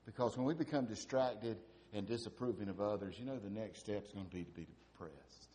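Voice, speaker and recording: A man's voice: lowish voice, fairly quick, warm tone, slight background noise. A man preaching a sermon, asking repeated rhetorical questions and building to emphatic peaks.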